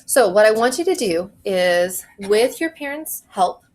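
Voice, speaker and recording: A woman's voice: medium pitch, animated, a little mellow, rough recording. Woman teaching kids music from her kitchen. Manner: slow, clear, encouraging instructions to young kids. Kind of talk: home video music lesson for children. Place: home kitchen.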